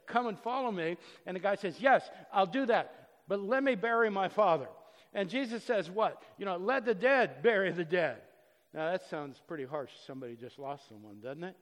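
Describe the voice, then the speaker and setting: Pastor, male, high voice, earnest sermon delivery with loud and hushed stretches, church hall reverb. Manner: earnest, swings from loud emphasis to soft and low.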